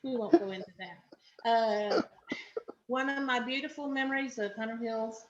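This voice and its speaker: A woman's voice: a little high, normal speed. A woman recalling her theatre days with wry humor on a video call. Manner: wry, self-deprecating. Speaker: former cast member. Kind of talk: casual reminiscing on a video call. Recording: echoey room, dull audio, faint noise.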